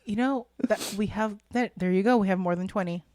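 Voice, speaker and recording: A woman co-hosting a podcast in casual chat, encouraging and quick to laugh. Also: mid-range voice, darkish tone, no room sound. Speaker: podcast co-host.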